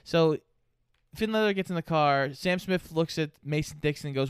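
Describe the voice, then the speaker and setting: Smooth-voiced man recapping a movie. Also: fairly high pitch, normal speed, no echo, clean studio sound. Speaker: podcast co-host. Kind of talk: casual movie review chat.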